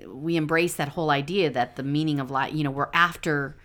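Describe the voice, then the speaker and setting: A woman's voice: low voice, steady tone, fairly quick, fairly bright tone. A middle-aged woman co-hosting a podcast in casual chat, playful and laughing often. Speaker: podcast co-host.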